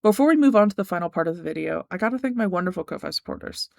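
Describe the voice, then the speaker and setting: A gaming YouTuber works through a scripted video essay in a calm, measured and earnest way. The pitch sits in a middle range, and the voice sounds dry and close, with no room sound around it. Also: creaky, no echo.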